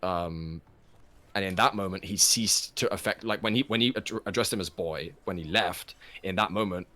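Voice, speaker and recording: A man's voice: sits low, normal speed, pushed and bright. A man co-hosting a casual game podcast, thinking aloud and often repeating words before he finishes a thought. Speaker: podcast co-host.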